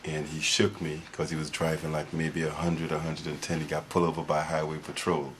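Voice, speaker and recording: Super deep monotone guy telling a story matter of fact, noisy recording. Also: a little fast. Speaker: interviewee. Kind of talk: documentary interview anecdote. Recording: noisy background hiss.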